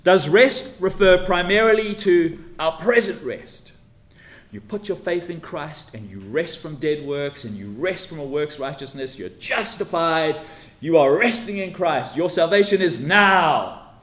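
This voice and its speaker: A man's voice: fairly high pitch, animated, unhurried, a bit bright. A man preaching an expository sermon, teacherly and emphatic, leaning hard on key words as he sets out his points. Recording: echoey room with faint ambience.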